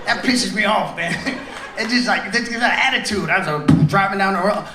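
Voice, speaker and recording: His voice sits high and brisk as this middle-aged comedian does crowd work on a stage mic. The venue is a large theater on a cruise ship, where echo and loud audience laughter come through in the recording.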